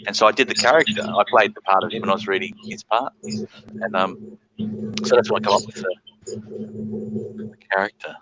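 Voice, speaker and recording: A man's voice: on the low side, fairly even intonation, fairly quick, lo-fi sound, noisy background. A man hosting a casual live-stream panel chat, telling profane stories and laughing as he talks. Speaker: panel host.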